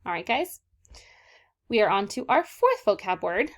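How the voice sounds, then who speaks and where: A woman's voice: medium pitch, sing-song, normal speed. A young woman teacher giving an online vocabulary lesson to children, encouraging and patient, often checking in with "okay, guys?". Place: southern California.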